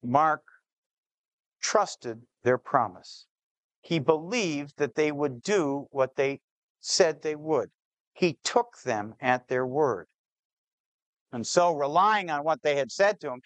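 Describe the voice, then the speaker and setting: A man telling a true-to-life story to an audience, slowing down on key details and voicing the people in it. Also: a little high, a bit bright, no room sound. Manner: shifts pace, slows on key details, plays the people in the story. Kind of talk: dramatic spoken storytelling.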